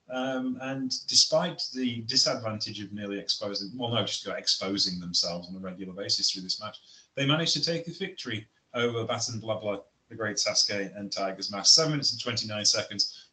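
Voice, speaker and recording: A man's voice: lowish voice, moderate pace, bright, forceful tone. A man co-hosting a casual wrestling chat, talkative, laughing often and stumbling over his words. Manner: chatty, laughs often, stammers. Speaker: podcast co-host. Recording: echoey room.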